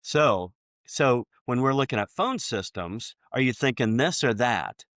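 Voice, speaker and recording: A man hosting a podcast, chatting casually and acting out both sides of sales conversations, with many halting restarts. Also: medium pitch, lively intonation, fairly bright tone, no echo, studio quality. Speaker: podcast host.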